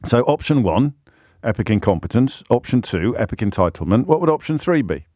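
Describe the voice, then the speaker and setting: A man's voice: medium pitch, very animated, a little fast, warm tone, no room sound. A man hosting a phone-in radio show from a studio, talking in a sardonic, mocking way with frequent asides. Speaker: radio talk show host. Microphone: studio microphone.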